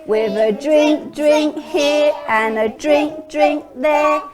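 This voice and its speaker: A woman's voice: high voice, takes it slowly, music in the background. A woman teacher leading young children through a sing-song phonics game in a classroom. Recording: loud background noise.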